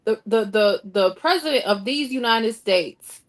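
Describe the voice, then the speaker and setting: A woman's voice: a little high, expressive, measured pace. A woman co-hosting a talk panel, speaking emphatically, often repeating herself as her indignation builds. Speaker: co-host of a local talk show. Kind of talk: passionate panel discussion.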